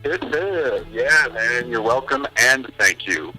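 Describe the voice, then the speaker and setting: Bright, lively man chatting as a guest. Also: mid-range voice, slow pace, faint music behind, poor audio. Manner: easygoing, joking. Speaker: podcast guest. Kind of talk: casual chat.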